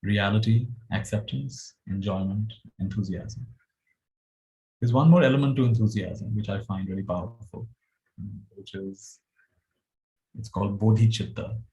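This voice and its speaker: A male spiritual teacher giving a gentle dharma talk, chuckling as he tells stories. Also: lowish voice, unhurried, poor audio.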